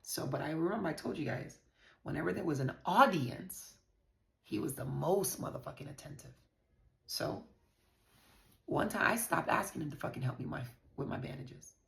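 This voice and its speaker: A woman's voice: low voice, expressive, normal speed, creaky, reverberant. A woman from the Virgin Islands speaking frankly and profanely to her viewers while telling a personal story. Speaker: vlogger. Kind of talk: candid personal storytelling to camera.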